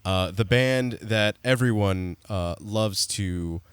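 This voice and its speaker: A man co-hosting a podcast, laid back, chiming in with quick agreement and easy chat. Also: lowish voice, smooth, dry recording. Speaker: podcast co-host. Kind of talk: casual chat about music.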